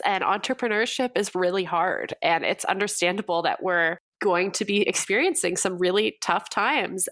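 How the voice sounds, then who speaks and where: A woman's voice: lowish voice, a bit bright. A young adult woman from Montreal, a guest copywriter, talking candidly in an earnest, coaching tone in a casual podcast conversation. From Canada, Montreal.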